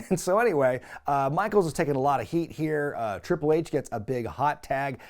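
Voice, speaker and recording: A man casually recapping an old wrestling show as a podcast host, sarcastic and animated, acting out quotes in mock voices. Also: fairly high pitch, brisk.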